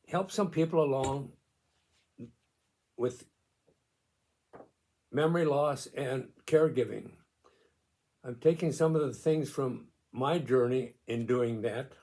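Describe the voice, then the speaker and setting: A man in his nineties hosting his own video channel, speaking slowly and gently about caregiving, pausing often, then reading aloud a note he wrote. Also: mid-range voice. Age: 90s. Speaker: video host on memory loss and caregiving. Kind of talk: slow personal reflection to camera.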